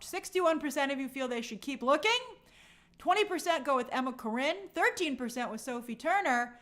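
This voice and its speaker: A woman's voice: high voice, animated, a little fast, a bit bright. A woman hosting a live movie news stream, chatting and reading viewer comments with frequent restarts and opinionated asides.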